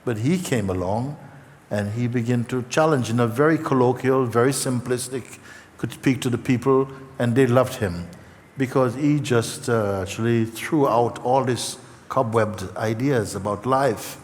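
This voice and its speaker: A man giving a live spiritual talk to a gathering, speaking in an unhurried, halting way with many fillers and repeats, earnest and tender. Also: mid-range voice. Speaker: spiritual teacher. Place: large meeting hall. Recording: long hall reverb, faint background noise.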